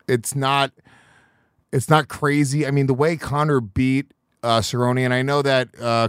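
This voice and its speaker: A man's voice: medium pitch, smooth, no echo, clean studio sound. A man hosting a podcast in casual banter, rambling and swearing as he restarts his thoughts. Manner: profane, rambling, restarts often. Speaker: podcast host.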